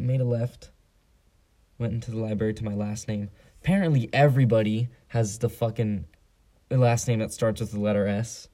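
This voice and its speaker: A man's voice: lowish voice, dark tone. A teenage boy hosting a casual solo podcast, telling a joking, profane story. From San Diego. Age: teens. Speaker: podcast host.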